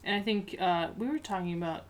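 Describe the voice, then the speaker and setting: A woman's voice: mid-range voice, brisk. A woman hosting a casual conversation, upbeat and encouraging. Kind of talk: casual chat.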